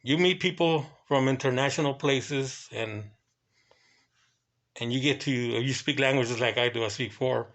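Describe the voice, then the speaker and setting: A man who works hotel security, telling a casual story in loose, halting runs and bursting into profane exclamations. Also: medium pitch. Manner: excitable and profane, breaks into quoted exclamations; talks in loose, halting runs with many fillers.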